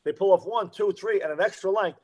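A man co-hosting a podcast who talks shop about firefighting in a relaxed, explanatory way. His voice sits a little high for a man, and he often circles back to repeat a phrase for emphasis. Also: a little fast, dull audio. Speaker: podcast co-host, veteran firefighter. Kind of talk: casual shop talk.

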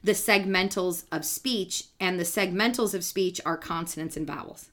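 A woman's voice: lowish voice, moderate pace, a bit bright. A woman speech-language pathologist co-hosting a podcast, explaining technical terms in a patient, teacherly and playful way. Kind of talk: casual explanatory chat.

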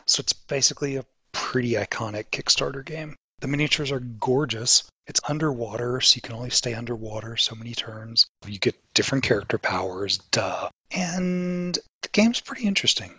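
A man's voice: medium pitch, brisk, bright, forceful tone, husky, dry recording. A man co-hosting a podcast, explaining things at length in eager, casual chat. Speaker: podcast co-host.

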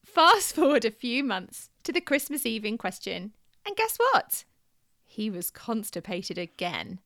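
A woman co-hosting a podcast, reading a listener's letter aloud in an expressive, storytelling way and chatting in between. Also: a little high, unhurried, dry recording, studio quality. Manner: expressive storytelling, often laughing.

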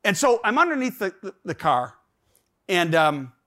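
Lively, high-voiced storytelling man. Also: moderate pace. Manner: animated, rambling, with many fillers and restarts. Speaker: speaker telling a personal story. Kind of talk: storytelling talk.

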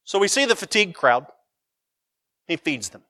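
A man's voice: high voice, moderate pace, no room sound, clean studio sound. A man preaching a sermon, reading scripture aloud and retelling it with humor, acting out the quotes. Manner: animated storytelling, acts out quotes, finds scripture funny.

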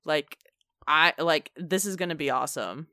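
A co-host chats about games in an animated way, using lots of fillers. The voice is smooth and clear, and it sounds close and dry, with no room around it. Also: medium pitch, normal speed, no echo. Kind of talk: casual gaming chat.

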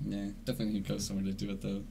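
A man's voice: on the low side, completely flat delivery, very fast, gravelly. A young man chatting casually as a podcast co-host, laid-back and swearing freely, often laughing. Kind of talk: casual chat. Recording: faint background noise.

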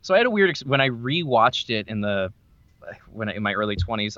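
A man in casual conversation about movies, his voice bright and forceful. He gets animated, jumping high in pitch whenever he acts out his own reactions. The recording is dry and a bit dull, with no room sound. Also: brisk, dry recording. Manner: animated, jumps high in pitch when quoting himself. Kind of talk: casual film discussion.

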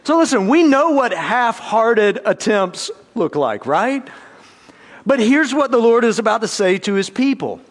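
A man preaching a sermon as the congregation's pastor, his voice sitting high for a man. He takes his time, with slow, deliberate phrasing. When he quotes others, he acts them out and his voice climbs even higher.

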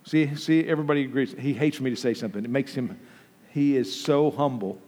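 A man's voice: mid-range voice, brisk, a little mellow. A man preaching an informal sermon, conversational, with frequent restarts and asides to the congregation. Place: church sanctuary. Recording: long reverb from a church hall.

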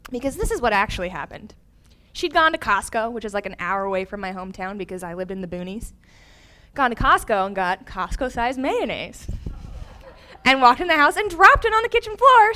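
A young woman preaching a sermon, telling a personal story with lively, animated voices for the people she quotes. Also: fairly high pitch, normal speed.

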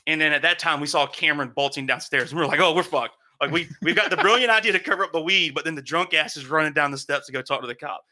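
A young man casually telling a long, animated story, swearing and acting out what people said. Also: fairly high pitch, fast talker, few pauses. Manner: animated, swearing, acts out quotes.

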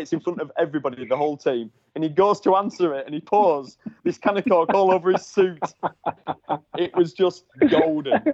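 A man hosting a casual chat who tells lively anecdotes and swears freely. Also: on the high side, no echo, lo-fi sound. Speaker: podcast host, former racer.

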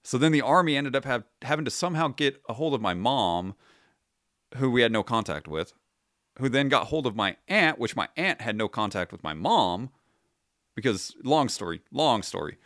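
A man's voice: mid-range voice, lively intonation, moderate pace, fairly bright tone, dry recording, clean studio sound. A man in his thirties, a retired Army sergeant, recounting his experiences as a podcast guest in a casual, wry and profane way, acting out his own past remarks. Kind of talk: casual storytelling interview.

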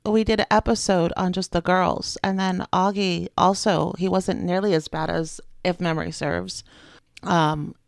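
A woman's voice: fairly low pitch, steady tone, measured pace, vocal fry, dry recording, clean studio sound. A woman in her thirties, co-hosting a podcast, chatting casually about family life. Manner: chatty, quotes her kids in playful voices. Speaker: podcast co-host. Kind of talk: casual chat.

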